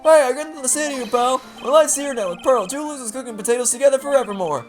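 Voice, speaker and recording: A man's voice: very high-pitched, fast, soft background music, voice pushed up. A man doing a brash, whiny slacker guy. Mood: defensive. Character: lazy, whiny young man, brash loser.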